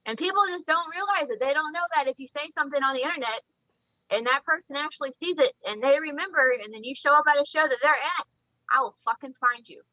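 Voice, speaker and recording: A woman's voice: sits high, fast, no room sound, dull audio. A woman talking bluntly and with lots of swearing on a casual podcast, telling stories and acting out quotes. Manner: blunt, profane, animated storytelling with acted quotes. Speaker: podcast guest, reptile breeder.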